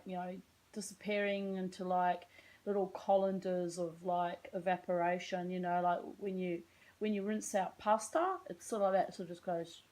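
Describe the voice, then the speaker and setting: A woman's voice: fairly low pitch, darkish tone, low-quality recording. An Australian woman telling a rambling, self-mocking story in a casual vlog, chatting along and drifting off on tangents. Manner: chatty, tangential, self-mocking, slips into put-on American voices. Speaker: vlogger.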